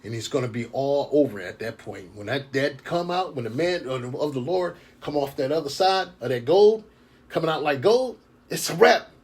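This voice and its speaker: Husky man preaching in heated slang. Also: medium pitch, expressive, darkish tone. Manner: heated, slangy, profane, repeats "man" often; reads scripture slowly, then comments. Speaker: scripture teacher. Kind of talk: informal preaching monologue.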